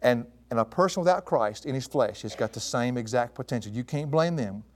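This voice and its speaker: A man's voice: mid-range voice, expressive, brisk. A man preaching a sermon, walking through a passage, asking his listeners questions and calling them folks. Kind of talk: expository sermon.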